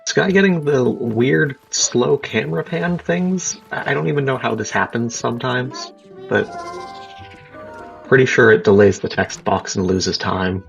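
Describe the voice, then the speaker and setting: A man's voice: medium pitch, vocal fry, husky, muffled recording. A man casually commentating a live speedrun race, joking around and explaining tricks.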